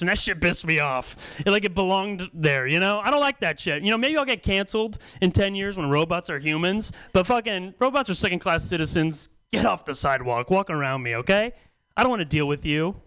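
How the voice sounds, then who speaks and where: A man's voice: high-pitched, fairly bright tone, clear, resonant tone, low-quality recording. A man doing a stand-up comedy set on stage, self-deprecating and profane, rambling and chuckling between jokes. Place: comedy stage before a small audience.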